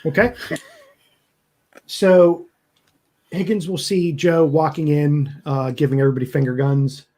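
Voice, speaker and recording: A man's voice: a little high, fairly even intonation, unhurried, long pauses, warm tone. A man narrating as game master, casual and stopping often to search for words.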